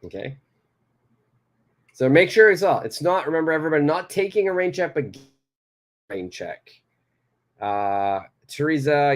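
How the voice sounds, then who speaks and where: A man's voice: fairly high pitch, animated, a little slow, pauses often. Patient man teaching English phrases. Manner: patient, repeats example phrases and reads students' answers aloud. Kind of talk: live online grammar lesson.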